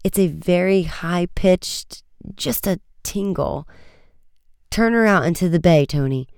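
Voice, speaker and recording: A man's voice: high voice, slow, a little mellow, smooth, no room sound, studio quality, pitched above the performer's own voice. A man voicing a firm, commanding teenage boy detective in a storybook reading. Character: quick-witted teenage boy detective Frank.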